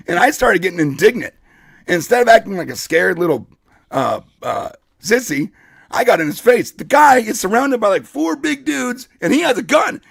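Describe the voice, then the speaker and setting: A man co-hosting a podcast, telling a wild story in a casual, animated way and acting out what people said. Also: sits high, normal speed, creaky, husky, no echo, studio quality. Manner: animated, acts out quotes. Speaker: podcast co-host.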